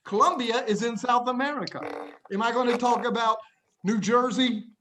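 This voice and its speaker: A man's voice: very high voice, moderate pace, a little hiss or hum. Playful man teaching a classroom writing lesson. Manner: playful, animated, acts out examples in little voices; talks to young students, often hushes the class. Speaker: English teacher.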